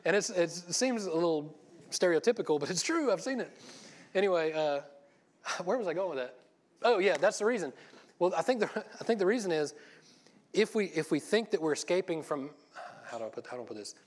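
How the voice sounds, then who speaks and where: A man's voice: high-pitched, lively intonation, a little fast. Folksy man preaching casually. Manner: folksy, rambling, joking asides with the congregation. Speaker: lay preacher. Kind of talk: informal church sermon.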